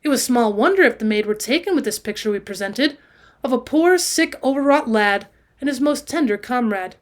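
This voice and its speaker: A woman's voice: on the high side, animated, normal speed. A woman reading a classic novel aloud for students, raising her voice for the dialogue. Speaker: audiobook reader and teacher.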